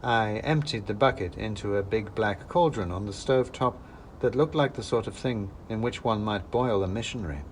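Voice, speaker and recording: A man's voice: on the low side, normal speed, slight background noise. A man narrating a fantasy story in the first person with wry, dry humor. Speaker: narrator and author-reader.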